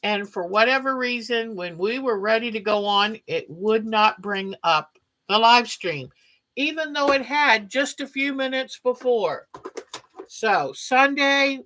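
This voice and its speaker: A woman's voice: a little high, lively intonation, unhurried, low-quality recording. A woman hosting a quilting livestream, chatting casually with viewers and greeting them by name. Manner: chatty, warm sign-offs, talks to viewers by name.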